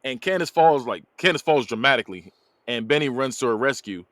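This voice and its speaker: A man's voice: medium pitch, a little fast, dry recording. A man hosting a podcast, retelling a movie plot in a casual, laughing way. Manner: animated storyteller, laughs often. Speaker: podcast host. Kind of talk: casual movie recap chat.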